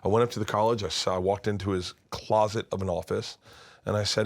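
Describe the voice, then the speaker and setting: A man in his fifties tells a long story as a guest in an interview. His voice sits a little low, and he animates it by acting out the other people's lines. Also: flat delivery, quick pace, vocal fry. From United States. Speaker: comedian guest.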